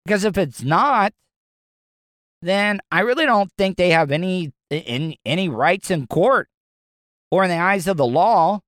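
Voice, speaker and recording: A man's voice: high voice, animated, measured pace, fairly bright tone, no room sound, clean studio sound. Blunt Southern radio host man. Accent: Southern American. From American South. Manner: blunt, rambling, conversational. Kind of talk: opinionated talk radio monologue.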